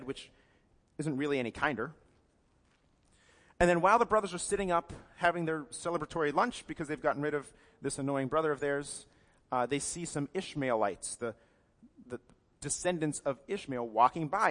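A man with a fairly high voice gives a sermon, retelling the story in a casual, wry tone with asides. He corrects himself mid-sentence now and then. His voice carries a long reverb in a large hall. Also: fairly quick, a bit bright. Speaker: pastor.

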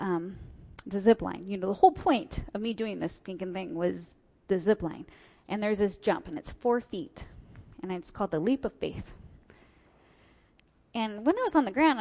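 A woman's voice: medium pitch, a little mellow. A woman telling a personal story to an audience, vividly acting out what people said to her. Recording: long hall reverb.

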